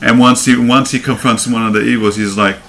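A man's voice: medium pitch, a little fast. A man chatting casually about a movie, acting out scenes in different voices. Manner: animated, acts out scenes in voices. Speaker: movie reviewer.

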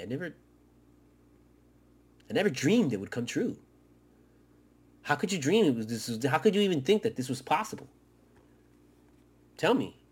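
A man hosting a fan podcast, ranting with heavy swearing and swinging from loud outbursts to low mutters. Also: breathy edge. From Miami area. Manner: profane, excitable, swings between shouting and muttering. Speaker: podcast host. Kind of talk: fan commentary rant.

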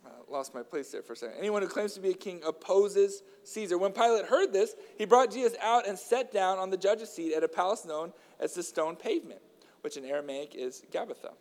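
A man with a fairly high voice delivers a sermon, talking casually and with some fillers before reading long passages aloud with strong emphasis. His voice carries a long reverberant tail, as if he is speaking in a large hall. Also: lively intonation, brisk, a little mellow. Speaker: preacher.

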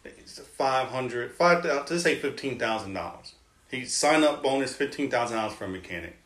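A man's voice: mid-range voice, a little fast. A man, an army veteran, telling stories in casual chat and acting out what others said to him. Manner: lively storyteller, quotes others in his tales. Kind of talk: casual storytelling. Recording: roomy echoing room.

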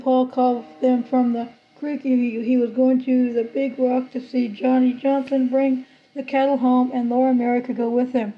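Woman narrator for a children's novel read-aloud; high, level, unhurried, slightly dull lo-fi sound. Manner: steady, plain read with small restarts. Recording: slightly muffled lo-fi recording.

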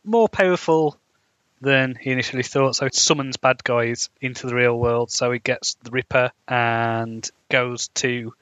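A man's voice: mid-range voice, steady tone, measured pace, a bit bright, clean tone, dry recording. A man co-hosting a film review podcast, chatting casually and adding dry quips. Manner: adds dry quips and short agreements. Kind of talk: casual chat. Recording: dull, dry close mic.

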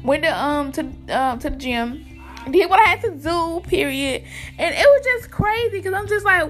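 A woman's voice: extremely high pitch, animated, normal speed, a bit bright, soft background music. A young woman chattily telling viewers a school story, calling them y'all and using lots of slang. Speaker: vlogger. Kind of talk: casual storytime.

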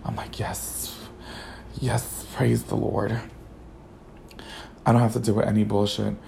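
A man's voice: fairly low pitch, little pitch movement, measured pace, creaky, darkish tone, low-quality recording. A man hosting a podcast, telling a personal story in a sassy, slang-heavy casual monologue. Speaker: podcast host.

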